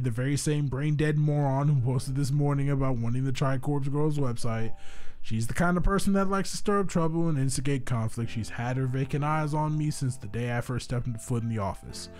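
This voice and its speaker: A young man narrates a story game, reading its lines aloud and then erupting into excited, swear-filled reactions. His voice is mid-pitched, with soft music playing underneath. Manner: profane, hyped, excitable. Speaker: gaming YouTuber. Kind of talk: let's play commentary and reading game text aloud.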